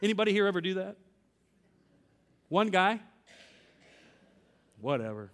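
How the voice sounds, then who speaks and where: High-voiced pastor preaching in a hall. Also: male voice, big pitch swings, measured pace. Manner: storytelling, quoting God in dialogue; asks the congregation direct questions. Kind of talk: sermon.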